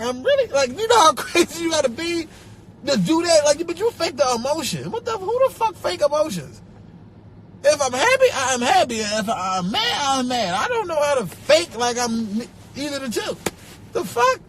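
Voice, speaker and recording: Young man, Philadelphia accent, very high voice, lively swooping delivery, profane rambling live-stream rant, faint hiss behind. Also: normal speed. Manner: animated, profane, laughs and repeats himself. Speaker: social media personality. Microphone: phone.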